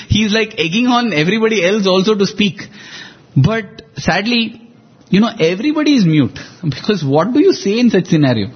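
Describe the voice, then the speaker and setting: A man's voice: a little high, lively intonation, fairly quick, slightly rough, dull audio. A man retelling an epic story in a podcast chat, animatedly acting out the characters' lines.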